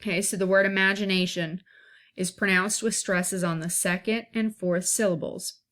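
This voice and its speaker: A woman's voice: medium pitch, steady tone, moderate pace, a bit bright. A woman teaching an informal one-take lesson, explaining step by step and checking in often to see that her listeners follow.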